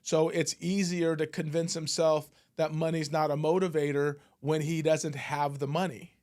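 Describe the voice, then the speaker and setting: A man's voice: a little high, little pitch movement, normal speed, a little mellow. Conversational man hosting a motivational show. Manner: conversational storytelling with frequent fillers and restarts. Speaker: podcast host and business coach. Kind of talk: casual motivational talk.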